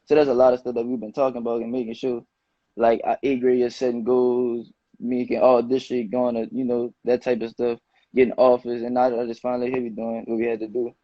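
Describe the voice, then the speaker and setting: A young man in his late teens, a high school football player, answering interview questions in a relaxed, slangy way. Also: brisk, dry recording. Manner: relaxed, loose slangy phrasing with many "you know"s. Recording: dull, muffled dry sound.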